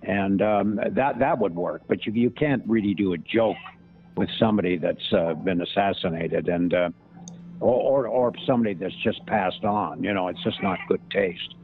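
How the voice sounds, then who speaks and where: An older man, an impressionist, telling showbiz anecdotes in a halting, storytelling way over a tinny line. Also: low voice. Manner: anecdotal, halting with many restarts. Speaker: impressionist guest. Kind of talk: casual interview storytelling. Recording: tinny phone-like line, dry.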